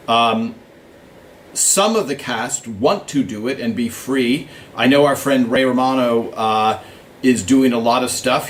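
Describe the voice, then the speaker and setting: A man hosts a casual live stream from a small studio, answering fan questions off the top of his head. He speaks at an ordinary middle pitch, chatty and unhurried, dropping fillers as he thinks aloud and greeting viewers by name. A faint hum sits behind his voice. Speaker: show writer hosting a live fan Q&A stream. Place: small studio with a blue backdrop, in Hollywood.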